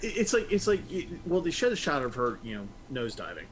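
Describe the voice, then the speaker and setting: A man with an expressive, rising and falling voice retells a scene in a loose, rambling way. He is a casual co-host. A murmur of voices runs underneath him. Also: on the high side, brisk, a crowd in the background, poor audio. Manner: rambling retelling with many "you know"s. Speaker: podcast co-host. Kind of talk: casual chat.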